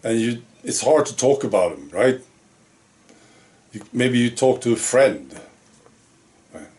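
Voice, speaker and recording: Speaking to camera on his own channel, a man muses through his thoughts in a reflective monologue packed with rhetorical questions. His mid-range voice is animated and darkish in tone, delivered at a measured pace.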